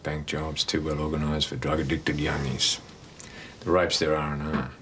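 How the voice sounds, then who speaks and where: An actor playing a blunt, frustrated Australian police detective. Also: male voice, very deep voice, flat delivery, normal speed, a bit bright, slight background noise.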